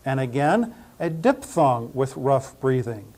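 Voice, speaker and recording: A man teaching Greek pronunciation, saying each word slowly, repeating it, and spelling it out letter by letter. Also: mid-range voice, very animated, dark tone. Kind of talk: slow pronunciation lesson.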